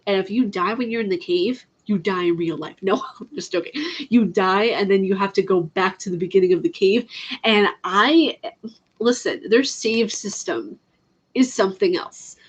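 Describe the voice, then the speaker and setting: A woman's voice: medium pitch, normal speed, slightly rough, highs cut off. A woman chatting casually on a live stream about video games, laughing often and answering her chat. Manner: chatty, giggly, reads chat aloud.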